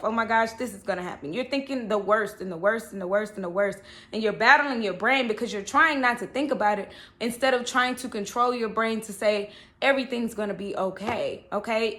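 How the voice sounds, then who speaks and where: A woman's voice: fairly high pitch, fairly bright tone. Chatty woman reading tarot cards. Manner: chatty, repeats okay and all right. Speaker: tarot reader.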